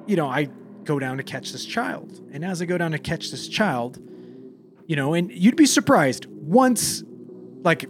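A man's voice: on the high side, slight background noise. A young man, a paramedic, casually telling a call story, swearing freely and acting out the dialogue.

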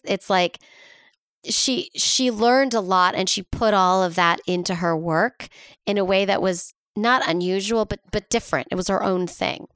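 Chatty woman podcaster, smooth dry voice. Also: mid-range voice, a bit bright, no room sound. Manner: chatty, sarcastic asides. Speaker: podcast co-host. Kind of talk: casual storytelling chat.

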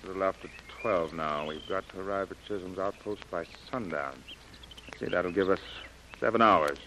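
An actor playing a brisk expedition leader who gives crisp orders, in a 1930s radio drama style. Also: male voice, deep voice, noisy background, close to an everyday voice. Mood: commanding. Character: brisk commanding man leading an expedition. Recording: muffled old radio recording.

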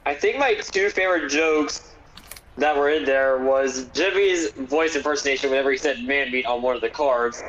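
Young American man, podcast guest, calm, unhurried, mid-pitched plain voice. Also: lo-fi sound, slight background noise. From United States. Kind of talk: casual podcast chat.

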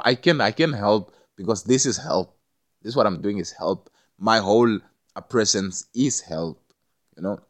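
A man with a fairly low voice delivers a loose, rambling monologue. He stammers and repeats words, swears freely and keeps asking whether you understand him.

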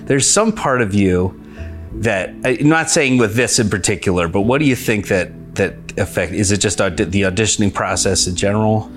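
A man's voice: fairly low pitch, normal speed, faint music behind. A man hosting a comedy podcast, explaining the rules of a game to his guests. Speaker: podcast host.

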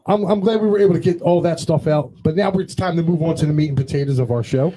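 A man's voice: a little high, fast, slightly rough. A man co-hosting a show, casually telling anecdotes and acting out what others said. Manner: animated anecdote-teller, acts out quoted dialogue. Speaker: podcast co-host. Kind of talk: casual storytelling chat.

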